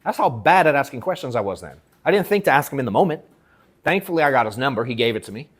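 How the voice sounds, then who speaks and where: At an in-person workshop, a sales coach entertains the crowd in the event room with a loose, profane, slangy story. He talks fast in a mid-range voice, acting out what others told him with animated quotes.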